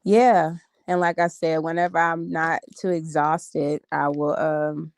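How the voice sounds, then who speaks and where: Tired woman in her thirties, slightly low voice, dry close phone sound, chatty livestream host. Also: level tone, unhurried, no echo. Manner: chatty, addresses viewers as y'all and honey. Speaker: vlogger. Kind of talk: casual livestream chat.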